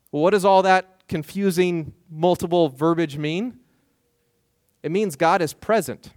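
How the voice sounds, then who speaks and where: Pastor guy giving a sermon, higher voice, acts out the lines, dry close sound. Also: unhurried, no echo. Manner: animated, acts out voices of biblical figures.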